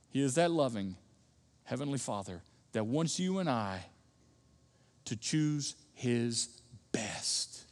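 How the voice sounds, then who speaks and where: A man preaching a sermon as pastor, talking emphatically with frequent restarts and sudden loud bursts. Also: mid-range voice. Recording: long reverb of a large hall.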